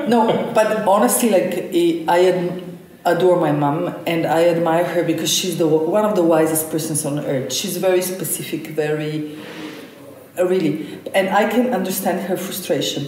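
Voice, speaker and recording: Low-voiced woman in echoey room. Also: normal speed, far from the mic, a little hiss or hum. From Slovenia. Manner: animated storytelling, frequent fillers. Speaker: chef. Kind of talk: conversational interview.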